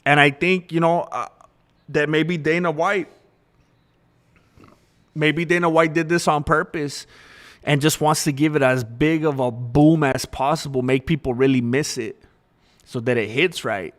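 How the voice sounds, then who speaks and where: A man's voice: fairly high pitch, measured pace, pauses often, a bit bright. A young man hosting a livestream, talking candidly and rambling in casual chat with viewers. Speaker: livestream host.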